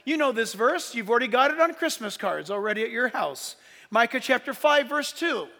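A man with a very high, bright voice preaches a sermon to his church. He stresses his points with force and at times quickens into a near shout. The sound carries the long reverb of a big church hall. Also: lively intonation. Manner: emphatic preaching, speeds up and shouts in stories. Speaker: pastor.

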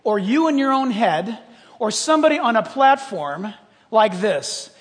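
A man preaching a sermon as a pastor, playful and animated, dropping to hushed asides and rising to shouts. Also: sits high, measured pace. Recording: long hall reverb.

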